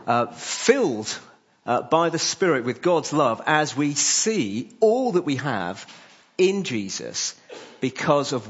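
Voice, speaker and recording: A man gives a church sermon in a husky voice at a middling pitch. He talks in short phrases broken up by frequent "uh" fillers. The sound is dull and muffled. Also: a bit bright. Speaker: preacher.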